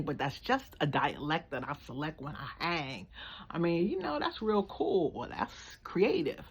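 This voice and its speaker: An American woman giving blunt, slangy, animated opinion commentary in a casual vlog. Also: sits low, normal speed, breathy edge. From United States. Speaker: vlogger.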